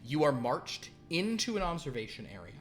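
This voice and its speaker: A man's voice: fairly high pitch, big pitch swings, brisk, faint music behind. A man narrating as game master in a tabletop horror game, with a loose manner full of fillers.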